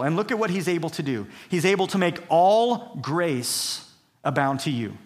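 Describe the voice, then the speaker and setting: Delivering an emphatic, repetitive sermon, a male pastor reads scripture aloud between his points and keeps returning to key phrases. He speaks at a moderate pace in a fairly high, animated voice.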